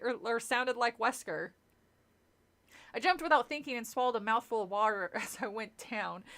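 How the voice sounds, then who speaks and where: A woman's voice: a little high, pushed and bright. A woman streamer reading a spooky kids' book aloud in a casual way, laughing often, stumbling and correcting herself, and breaking off into chatty asides. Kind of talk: casual live-stream read-through with tangents.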